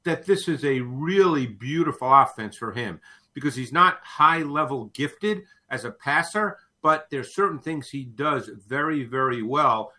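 Bright-voiced man breaking down football. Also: mid-range voice. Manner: thoughtful, repeats words when starting sentences. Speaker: football analyst. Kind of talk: casual sports talk.

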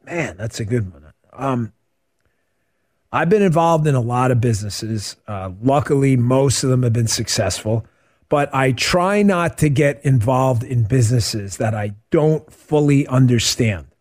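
A middle-aged man hosting a radio talk show, chatting casually and answering listener questions as an animated, joking storyteller. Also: medium pitch, measured pace. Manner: animated, joking storyteller who acts out quotes.

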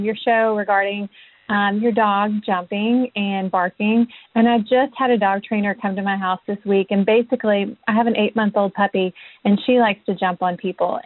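A woman's voice: mid-range voice, no room sound. Woman leaving a voicemail, lots of ums, phone-line sound, dry. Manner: matter-of-fact, many ums. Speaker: caller. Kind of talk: voicemail message.

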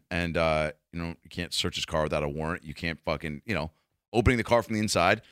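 Profane rambling comedian, low bright voice. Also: male voice, brisk, no room sound, clean studio sound. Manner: profane, rambling, lots of restarts. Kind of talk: casual rambling monologue.

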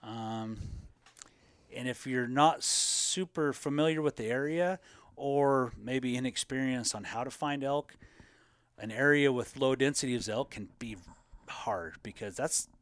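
A man co-hosting a casual live question-and-answer chat about elk hunting, talking in a relaxed, rambling way with plenty of fillers. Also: medium pitch, measured pace, no echo.

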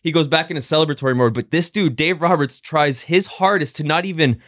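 Animated man telling sports stories. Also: on the high side, a little fast, no echo, studio quality. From Southern California. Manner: animated storyteller, mimics others. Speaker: podcast co-host. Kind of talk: casual sports chat.

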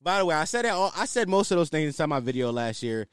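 A young man hosting a solo commentary show, ranting in a casual, animated way and swearing freely. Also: a little high, quick pace, smooth, no room sound, studio quality. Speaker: podcast host.

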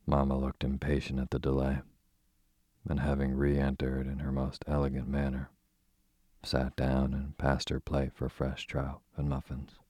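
A man narrating a classic storybook in a steady, measured reading voice with a husky tone. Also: rumbling low, dry recording, studio quality. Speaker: audiobook narrator.

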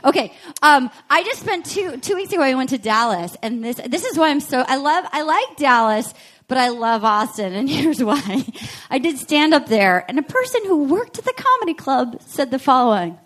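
Brief: high-voiced woman co-host from Rhode Island, lively swooping delivery, live comedy banter. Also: moderate pace. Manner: animated storytelling, doing voices of people she met. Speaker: podcast co-host. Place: live stage before an audience.

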